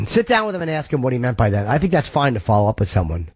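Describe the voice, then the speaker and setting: A man hosting a call-in radio show who gives blunt, frank, profane advice and keeps clearing his throat. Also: a little high, expressive, fast, dry recording. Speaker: radio host.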